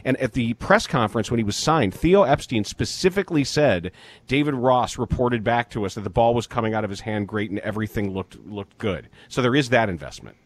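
A man hosts a sports talk segment in a measured, even voice, working through statistics with small halting restarts. His pitch sits in an average range.

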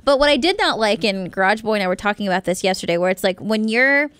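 A woman's voice: mid-range voice, animated, fast, a bit bright, clear, resonant tone, dry recording. A woman co-hosting a podcast in laid-back casual chat, swearing and trailing off mid-thought. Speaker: podcast co-host.

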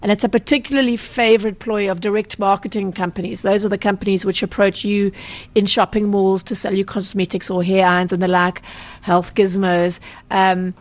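A South African woman speaks as an interview guest, laying out consumer rules in a brisk, practical way. She stops often for an um and corrects herself mid-phrase. Her voice sits at an ordinary middle pitch for a woman. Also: level tone. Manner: brisk and explanatory, with frequent ums and self-corrections. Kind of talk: explanatory radio interview answers.

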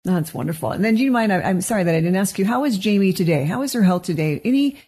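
Middle aged woman, husky mellow voice, gentle reflective podcast talk. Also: mid-range voice, animated, fast talker. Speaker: co-host, marriage therapist. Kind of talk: casual podcast conversation.

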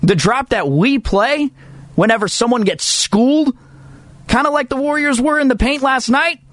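A man's voice: extremely high pitch, normal speed, a bit bright, dry recording. A man hosting a sports talk segment, talking casually and emphatically with jokey asides. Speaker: sports radio host.

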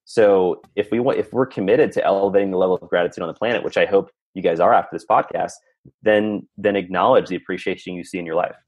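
A man's voice: low-pitched, steady tone, quick pace, a little mellow, husky, no room sound, dull audio. A man guest on a podcast, telling personal stories in an earnest, reflective way, talking in long run-on stretches. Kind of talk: candid storytelling conversation.

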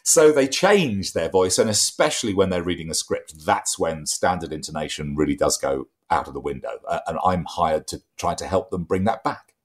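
A man, a voice trainer, explaining his craft in a conversational podcast interview with lively, emphatic delivery. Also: normal speed. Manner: lively, emphatic explaining with wide pitch swings.

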